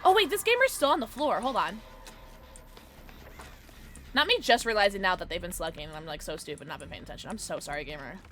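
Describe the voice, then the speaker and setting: A woman's voice: mid-range voice, animated, fast talker, pauses often, fairly bright tone, soft background music. A woman streaming live from home, chatting with viewers and reacting to her game in playful slang. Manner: bubbly, playful slang, talking to chat. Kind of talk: live gameplay commentary with chat.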